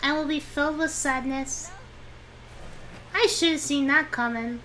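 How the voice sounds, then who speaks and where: A young woman on a game stream, a VTuber, pleads and whines to herself over her moves. Her high voice is pushed and bright but unhurried, and there's a little hiss or hum in the recording.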